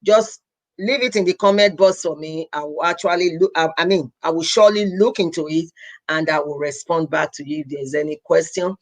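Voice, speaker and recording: A young adult woman from Edo State, Nigeria, with a Nigerian accent and a low, fairly quick voice, hosts a casual live stream as a healthcare professional. She speaks earnestly and pleadingly, repeating herself and slipping into Pidgin.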